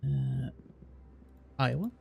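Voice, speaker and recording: Here the British streamer drags out his words in a medium-pitched, slightly mellow voice with vocal fry. He's reading viewer comments and chatting casually, giving long explanations full of restarts, over slight background noise.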